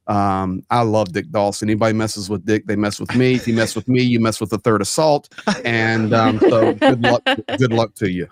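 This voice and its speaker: A man's voice: fairly low pitch, no room sound, studio quality. A man speaking as a guest on a livestream panel through a headset, earnest and self-mocking by turns. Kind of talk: casual panel chat.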